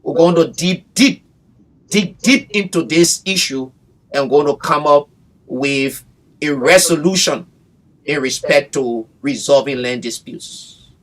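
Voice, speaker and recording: A man's voice: on the high side, takes it slowly. A man, a bar association representative speaking emphatically in a radio interview, often repeating his phrases. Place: radio studio.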